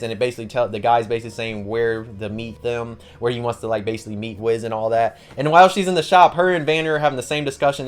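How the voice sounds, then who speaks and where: A man giving a rambling, slangy casual recap of a story as an anime channel host, leaning on "like" and "basically". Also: medium pitch.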